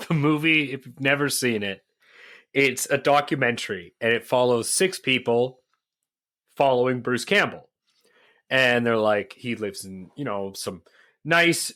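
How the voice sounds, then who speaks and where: Rambling, bright-voiced man telling a story. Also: medium pitch. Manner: rambling, excitable storytelling with many fillers. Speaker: podcast co-host. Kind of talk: casual chat.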